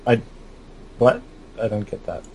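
A man's voice: medium pitch, huge pitch swings, a little slow, creaky, warm tone, slightly rough. A man co-hosting a comedic podcast, dry and mock-grumpy in his banter. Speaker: podcast co-host.

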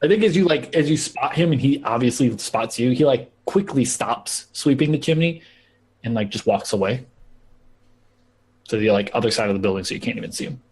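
A man's voice: medium pitch, expressive, brisk, a little mellow, breathy edge. A man running a tabletop game as game master, rambling casually with lots of "like" and filler. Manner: rambling, heavy use of "like", laughing asides.

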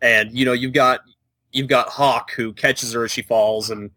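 A man's voice: mid-range voice, fairly even intonation, moderate pace, sharp tone, no room sound. A man co-hosting a casual video game podcast, emphatic and argumentative, sure of his points. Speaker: podcast co-host. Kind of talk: casual chat about video games.

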